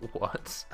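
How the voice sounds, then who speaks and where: A man streaming a game, talking casually to himself and viewers, swearing freely, laughing often and bursting into loud outrage. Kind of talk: casual gameplay commentary.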